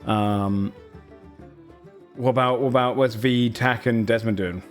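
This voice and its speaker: A male game master describes a festival night in loose, halting narration, his voice sitting at a middle pitch. Faint music hums in the background. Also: fairly even intonation. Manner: loose, hesitant narration full of fillers.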